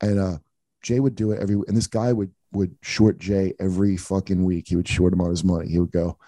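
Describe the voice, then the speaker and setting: Very dark-voiced man telling rambling stories. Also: deep voice, steady tone, a little fast, dry recording. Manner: profane, rambling anecdotes with many restarts. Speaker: comedian podcast host. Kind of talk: casual storytelling chat.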